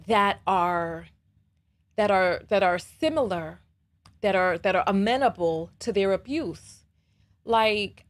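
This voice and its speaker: A woman hosting a live call-in show, talking casually and telling stories in an animated way, leaning on "you know" and "right?". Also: fairly high pitch. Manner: animated storytelling.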